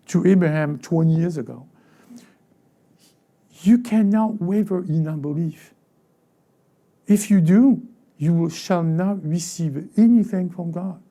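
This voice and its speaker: A male pastor delivering a sermon in a church, his voice gravelly and very dark. He fires rhetorical questions at the congregation and slips into brief acted-out voices of the people he describes, and he often repeats and restarts his phrases. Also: high voice. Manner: acts out short quoted voices, asks the congregation rhetorical questions. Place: church sanctuary.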